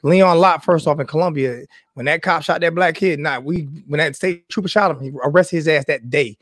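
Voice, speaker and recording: A man from South Carolina, co-hosting a casual chat and telling animated stories with plenty of swearing. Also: a little high, brisk, dry recording, studio quality. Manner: animated storyteller, swears freely. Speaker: podcast host.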